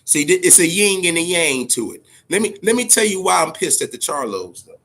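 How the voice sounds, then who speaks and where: A man holds forth on a boxing talk show in a loose, heated rant full of swearing. His voice sits high and comes across bright and forceful. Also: very animated, a little fast. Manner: profane, heated ranting. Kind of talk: casual boxing commentary.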